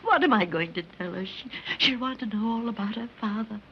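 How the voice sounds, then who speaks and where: A frantic old apple seller. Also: female voice, on the high side, lively intonation, brisk. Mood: anxious whisper. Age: older. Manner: pleading and whispering in distress. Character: older woman, poor street apple seller, frantic. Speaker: film character. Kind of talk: 1930s film acting. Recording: dull 1930s film soundtrack with hiss.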